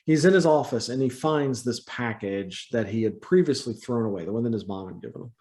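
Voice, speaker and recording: A man's voice: medium pitch, brisk, a little mellow. A man guesting on a movie review chat, talking casually and animatedly, laughing often and ranting in exasperation.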